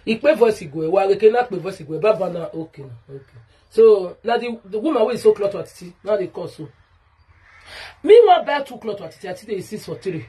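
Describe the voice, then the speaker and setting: A woman's voice: medium pitch, expressive, quick pace, dark tone, husky. A Nigerian woman ranting straight to camera in an aggrieved, repetitive way, calling out a rival directly. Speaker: vlogger. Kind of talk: direct-to-camera rant video.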